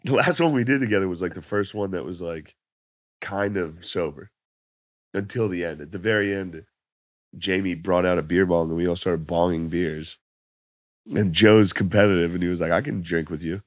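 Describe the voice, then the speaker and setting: A man telling laid-back, profane stories as a comedian guest on a podcast, his voice going hoarse. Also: low voice, normal speed, no echo, clean studio sound. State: losing his voice. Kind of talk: casual podcast chat.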